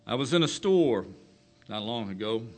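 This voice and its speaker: Man, preacher, slow emphatic sermon, swells loud then drops quiet. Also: mid-range voice, animated.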